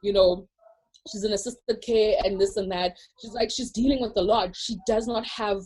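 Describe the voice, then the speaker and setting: A woman's voice: medium pitch, normal speed, slightly rough, low-quality recording. Woman telling a rambling story. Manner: rambling, animated storytelling with many restarts. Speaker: co-host. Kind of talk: casual chat.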